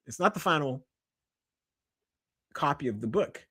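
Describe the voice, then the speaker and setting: A man's voice: on the high side, a little slow, husky, no room sound. Middle-aged canadian guy on a podcast, emphatic, dry studio sound. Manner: animated, emphatic storytelling with laughs. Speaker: podcast guest, author. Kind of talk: casual podcast conversation.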